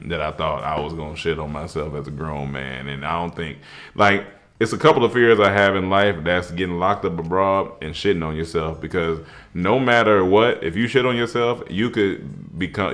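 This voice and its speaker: Young male storyteller, casual and animated, with bursts of laughter and high shouting. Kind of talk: comedic story.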